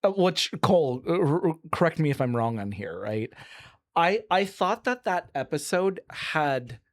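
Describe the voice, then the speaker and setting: A podcast co-host in casual chat, thinking aloud with a lively delivery. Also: medium pitch, unhurried.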